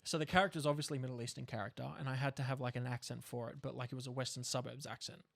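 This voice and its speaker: A man's voice: mid-range voice, steady tone, rapid-fire, vocal fry, a bit bright. A young Australian man telling stories in a casual conversation, candid and swearing freely. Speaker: podcast co-host, actor.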